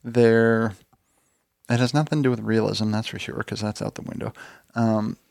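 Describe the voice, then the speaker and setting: Male podcast co-host, gravelly texture, dry close mic, wry and opinionated. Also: lowish voice, flat delivery, normal speed, darkish tone, dry recording. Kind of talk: casual chat.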